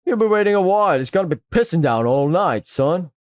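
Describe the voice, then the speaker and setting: A man voicing a gruff, fatherly middle-aged male rooster who smokes with a rough, teasing drawl. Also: high voice, animated, fairly quick, pitched above the performer's own voice. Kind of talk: voiced visual novel reading.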